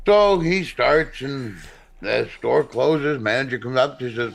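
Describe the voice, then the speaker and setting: A man's voice: mid-range voice, expressive, normal speed, gravelly, soft background music. A man telling a long joke on a casual live-streamed talk show in a folksy storytelling way.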